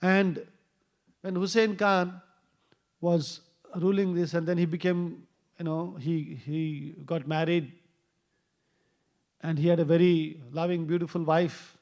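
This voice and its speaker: A man tells a scripture story in a temple class. His voice sits fairly high, and it lifts when he acts out the characters' lines. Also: flat delivery, slow pace, pauses often, darkish tone. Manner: storytelling, acts out quoted dialogue with rising voice. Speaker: temple speaker. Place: temple hall.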